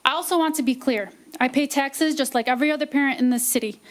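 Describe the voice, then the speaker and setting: A woman's voice: sits high, quick pace. A woman, a parent, reads a prepared public comment to a city council in a firm, earnest, pleading way.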